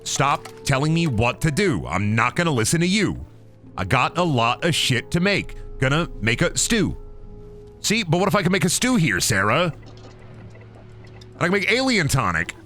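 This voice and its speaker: A man streaming a game, talking in goofy, excitable, profanity-heavy commentary. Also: on the high side, normal speed, soft background music. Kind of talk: casual gameplay commentary.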